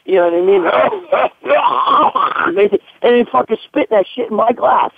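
A man's voice: high-pitched, fast, no echo. A man telling a crude story in a casual, profane, rambling way. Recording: tinny phone line, dry.

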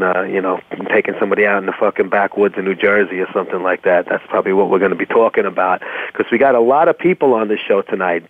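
A man's voice: fairly low pitch, dry recording. A man co-hosting a crude talk radio show, rambling and joking. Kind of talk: crude casual radio banter. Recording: tinny phone-line audio.

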